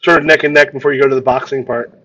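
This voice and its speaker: A man's voice: medium pitch, fairly even intonation, racing, pushed and bright, low-quality recording. A man narrating a tabletop role-playing game as game master, often repeating words as he describes the scene.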